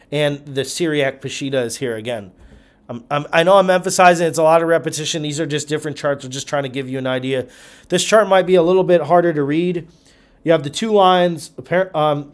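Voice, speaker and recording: A man in a teaching role walks through a series of charts, his voice sitting a little high for a man. He thinks aloud as he goes, often restarting sentences and checking in with "okay?" The delivery is a casual lecture, not a polished script. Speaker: Bible teacher.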